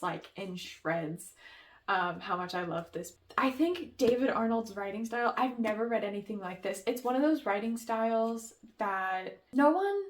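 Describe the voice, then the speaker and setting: Chatty young woman gushing about books. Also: mid-range voice. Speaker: book vlogger. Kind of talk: casual book review chat.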